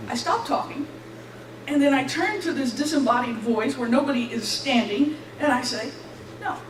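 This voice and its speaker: A young woman giving an animated church testimony, acting out the voices in her story and laughing between lines. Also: high-pitched, normal speed. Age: young adult. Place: church hall. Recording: echoey hall, distant mic, faint hiss.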